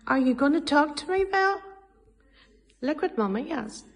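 A woman's voice: high-pitched, animated, normal speed, in a large hall. A woman, coaxing her pet dog in a sing-song voice and asking it one question after another. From Northern Ireland. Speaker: dog owner.

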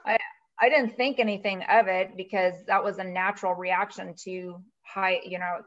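A woman guest speaking as a financial advisor, telling a long story in a chatty, animated way with many fillers. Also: medium pitch, moderate pace, highs cut off. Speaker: guest, virtual CFO. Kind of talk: casual storytelling interview.

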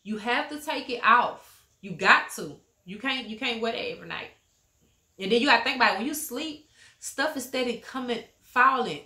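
A woman's voice: on the high side, animated, normal speed, bright, forceful tone, reverberant. A middle-aged woman with a Southern US accent chatting frankly in a family vlog, lecturing like a mother. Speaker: vlogger, mother. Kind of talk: casual family vlog chat.

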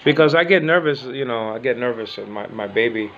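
An older man whose first language is Spanish rambles through a casual home vlog, repeating himself and teasing fondly. His pitch swings widely from low mutters to high exclamations. The recording is a little dull, with a faint hiss behind it. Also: animated, a little fast, fairly bright tone. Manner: rambling and repetitive, teasing and affectionate. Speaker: vlogger.

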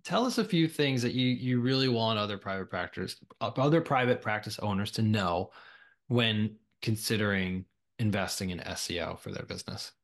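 A man's voice: fairly low pitch, animated, moderate pace. A man hosting a podcast, chatting casually and affirming his guest. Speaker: podcast host. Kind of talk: casual interview chat.

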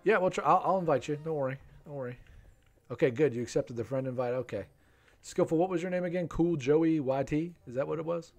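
A man's voice: fairly high pitch, brisk, soft background music. A man in his thirties hosting a live game stream, chatting with viewers and reading their names from the chat.

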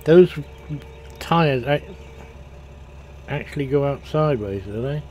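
A man's voice: medium pitch, animated, takes it slowly, darkish tone, slight background noise. An older man, chatting casually and telling rambling stories while he streams a farming game.

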